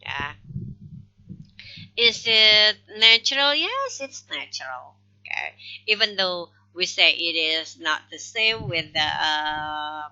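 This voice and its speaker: A woman lecturing on phonology at an unhurried pace, her voice very bright and lively in pitch. She talks things through step by step and keeps asking "okay?" to check that listeners follow. The sound is dull and lo-fi. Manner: slow explanatory, frequent "okay" check-ins. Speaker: phonology teacher. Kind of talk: recorded lecture. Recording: dull lo-fi recording.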